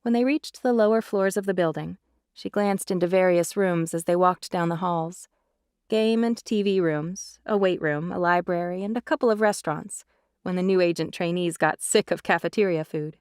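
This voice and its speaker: A woman narrating a romance audiobook in an even, measured read on a close mic. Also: fairly low pitch, smooth, no echo.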